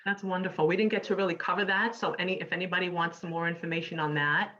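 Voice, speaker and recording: A woman's voice: fairly low pitch, steady tone, fast, bright, forceful tone. A woman hosting a casual video-call interview, friendly and effusive, a little flustered. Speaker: host. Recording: dull lo-fi video call audio.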